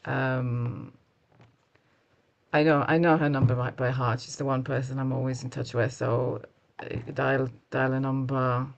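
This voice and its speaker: Brief: unhurried gravelly male player, rambling, casual. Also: medium pitch, flat delivery, muffled recording, background noise. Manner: slow, rambling, with fillers. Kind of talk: casual in-character play.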